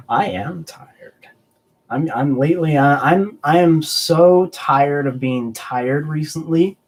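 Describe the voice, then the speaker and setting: This man's mid-range voice carries a breathy edge. He hosts a laid-back collectibles live stream, cracking jokes and wandering through replies to the chat.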